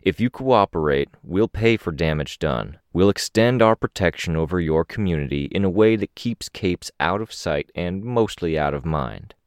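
A man voicing a calm, persuasive police officer who speaks in a measured way. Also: sits low, dry recording, clean studio sound.

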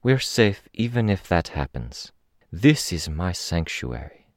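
A man reading the lines of a gentle, calm masked woman who speaks softly and patiently. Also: low-pitched, measured pace, smooth, no room sound, clean studio sound. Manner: soft, patient, soothing.

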